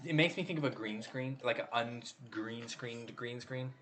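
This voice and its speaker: A man's voice: mid-range voice, moderate pace, very noisy. A man hosting his channel, judging contest photos in a casual chat and thinking aloud with hesitant restarts.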